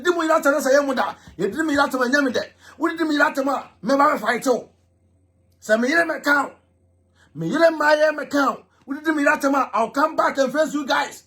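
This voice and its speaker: A man ranting loudly as a vlog host, repeating himself and mocking. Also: extremely high pitch. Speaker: vlogger host. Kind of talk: animated ranting commentary.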